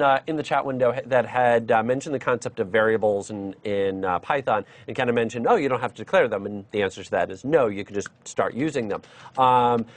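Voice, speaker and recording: A man's voice: mid-range voice, no room sound. A man teaching programming on a live stream, chatty, with many fillers and restarts. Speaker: programming instructor. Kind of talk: live-streamed coding lesson.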